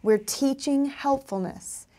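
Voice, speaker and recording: A woman's voice: high voice, slow pace, dark tone. A woman teaching parents and teachers how to respond to children, acting out kids' voices and adult replies. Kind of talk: instructional talk to parents and teachers.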